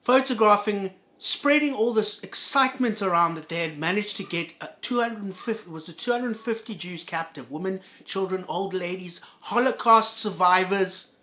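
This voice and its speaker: A man's voice: high voice, normal speed, hardly any pauses, lo-fi sound. A man reacting to a clip with angry, profane ranting, sarcastic and insulting, often repeating and restarting his words.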